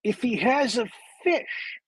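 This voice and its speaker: A man on a podcast with a bad cold, retelling a movie plot as a meandering, detailed storyteller with long pauses. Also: extremely high pitch, lively intonation, husky, no room sound, low-quality recording. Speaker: podcast co-host.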